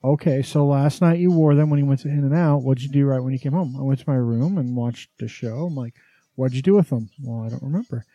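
A man's voice: mid-range voice, a little fast, warm tone, no echo, lo-fi sound. A middle-aged man co-hosting a podcast, telling a family story in a boastful, profane way and acting out both sides of a conversation. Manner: boastful, swears freely, acts out dialogue. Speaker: podcast co-host. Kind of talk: casual storytelling chat.

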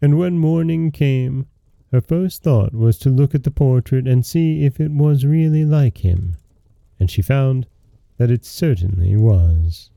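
A man hosting a podcast and reading a fairy tale aloud in a calm, measured narration. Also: mid-range voice, creaky, dry recording. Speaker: podcast host and storyteller.

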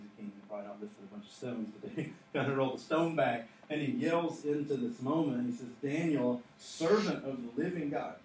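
A man's voice: medium pitch, a little mellow, distant mic. A man preaching a sermon, who tells the story and builds to emphatic points with laughing asides. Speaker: pastor. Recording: echoey hall, off-mic, faint noise.

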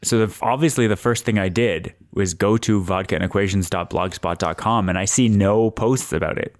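Dry-humored low-voiced Canadian man. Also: moderate pace, no room sound. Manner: dry, teasing, relaxed. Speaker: podcast co-host. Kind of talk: casual chat.

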